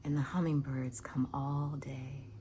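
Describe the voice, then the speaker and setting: A woman chatting casually on her patio as she films hummingbirds. She speaks softly and often drops to a whisper, then breaks into excited bursts. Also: extremely low pitch, a little slow, a little hiss or hum. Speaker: vlogger. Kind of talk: casual chat, filming birds on her patio. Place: outdoor patio.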